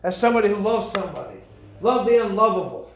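A man preaching a sermon, building into shouted emphasis. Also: sits high, lively intonation, fast, a little hiss or hum. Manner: impassioned, rising to shouts. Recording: echoey church room.

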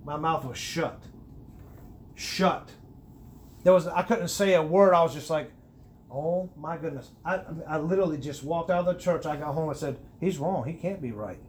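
Sharing his testimony as a guest, a middle-aged man with a high voice speaks a little fast, earnest and conversational, with frequent restarts. He gets animated on key points, over a faint background hiss.

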